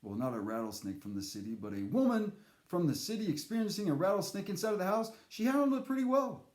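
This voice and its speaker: A man telling a casual spoken anecdote in a rambling, animated way, with fillers and restarts. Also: on the high side, fast talker. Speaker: storyteller. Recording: echoey room.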